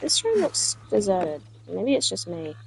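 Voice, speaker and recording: Gravelly and medium-pitched, her voice swoops wildly in pitch at a measured pace, with a little hiss or hum behind it. She's a South Australian let's play streamer, rambling through casual chat and answering viewers live as she plays.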